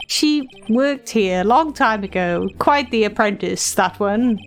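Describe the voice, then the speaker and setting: Reading video game dialogue aloud, a woman voices a pompous, evasive older male lawyer who stammers out excuses, with faint game music behind her. She speaks at medium pitch and a measured pace, animated.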